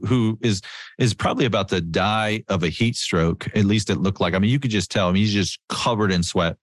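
Middle-aged guy preaching, earnest and chatty, repeats words to drive it home, kinda low voice, dry sound. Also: no echo. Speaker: Christian speaker. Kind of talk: conversational preaching with storytelling.

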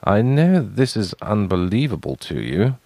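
A man's voice: on the low side, sing-song, moderate pace, dark tone, no room sound, voice pushed up. A man voicing a weary but proud young royal half-brother, earnest as he explains.

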